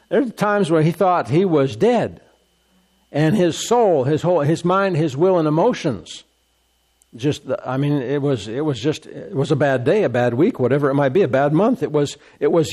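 Preaching man, higher voice. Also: animated, normal speed, a little mellow. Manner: emphatic, repeats phrases, reads scripture aloud. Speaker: pastor. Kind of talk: sermon.

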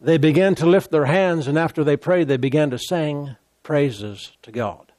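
A man's voice: on the high side, normal speed, a little mellow, no echo, clean studio sound. A man preaching a sermon who speaks emphatically and keeps repeating key phrases.

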